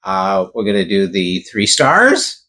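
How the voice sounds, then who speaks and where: A man's voice: low voice, sing-song, measured pace, bright, forceful tone. A man co-hosting a casual fan talk show, tossing in playful, jokey asides. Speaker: co-host.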